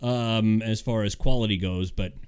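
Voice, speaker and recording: A man's voice: fairly low pitch, fairly even intonation, normal speed, darkish tone, clear, resonant tone. A man co-hosting a podcast, chatting casually about music and agreeing often. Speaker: podcast co-host.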